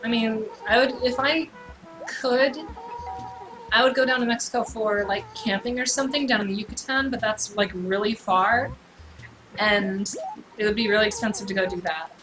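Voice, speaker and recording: A woman's voice: mid-range voice, steady tone, normal speed, poor audio. A young woman from California chatting casually on a gaming livestream, rambling, giggling and swearing freely. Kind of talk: casual gaming stream chat. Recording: game music playing under voice. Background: game music.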